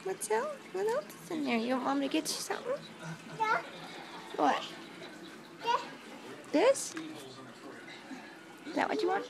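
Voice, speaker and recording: A woman's voice: extremely high pitch, big pitch swings, a little slow, creaky, pauses often, very noisy. A young woman filming her toddler at home, talking in a sing-song, cooing baby-talk voice and repeating words for the child.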